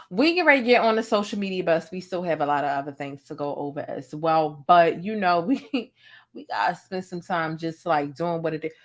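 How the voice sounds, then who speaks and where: Chatty woman talking straight to her viewers. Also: on the low side. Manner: chatty, animated, addresses viewers directly. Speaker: vlog host. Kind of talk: casual chat.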